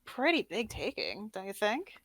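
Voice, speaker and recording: A woman's voice: mid-range voice, huge pitch swings, normal speed, a bit bright, breathy edge, no echo, full character voice. A woman voicing a brash, grimy female adventurer who teases and mocks in a tabletop game. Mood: skeptical. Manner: mocking, playfully skeptical. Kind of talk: tabletop role-play in character.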